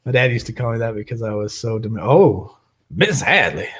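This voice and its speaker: A man's voice: medium pitch, little pitch movement, racing, fairly bright tone, slight background noise. A man hosts a live online recovery meeting from his webcam. He chats casually and jokes around, laughing often as he talks. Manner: joking, chatty, laughs often. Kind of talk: casual livestream chat.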